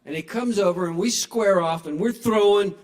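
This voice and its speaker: A man works a small bar crowd through a stage microphone, playful and self-mocking. His voice sits high for a man. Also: moderate pace, a little mellow. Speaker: stand-up comedian. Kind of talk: stand-up comedy set. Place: small bar at a live open mic. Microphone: handheld stage microphone.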